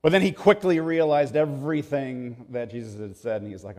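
Guy preaching a sermon in church, animated storytelling, goes from loud to quiet. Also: mid-range voice, normal speed. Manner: animated storytelling, voices quotes, lively swings from loud to hushed. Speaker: pastor.

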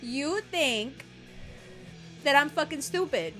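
A woman plays an enraged lover leaving a voice note, cursing at every turn and dripping with sarcasm. The voice is bright and forceful, and sits a little high. Soft music plays behind her. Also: animated, slow, full character voice. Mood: furious. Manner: profane, cutting, sarcastic. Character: furious woman ranting at a cheating lover. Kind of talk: acted voice-note rant.

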